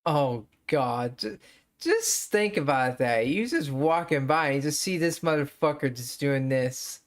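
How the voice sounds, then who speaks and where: A streamer reacts in casual, loose commentary, swearing freely. The speech stumbles on repeated starts, and the pitch sits mid-range. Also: big pitch swings, measured pace. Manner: crude, profane, stammering restarts.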